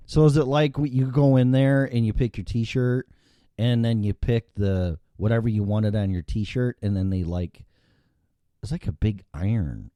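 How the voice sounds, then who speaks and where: A man's voice: lowish voice, dry recording. Rambling, profane host in his fifties. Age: 50s. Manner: rambling and profane, thinks out loud. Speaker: show host. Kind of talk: casual livestream monologue.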